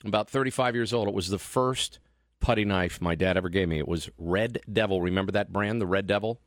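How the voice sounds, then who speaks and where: A man's voice: sits low, a little fast, no room sound. A man hosting a talk radio show, delivering an opinionated, sarcastic monologue into a studio microphone. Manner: sarcastic, mocking.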